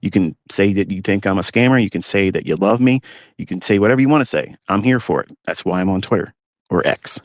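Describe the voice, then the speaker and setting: Blunt ranting man, low dry voice. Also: fast, no echo. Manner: blunt, ranting, mocking rivals in put-on whiny voices. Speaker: trading mentor. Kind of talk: live social media audio talk. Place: inside a parked pickup truck.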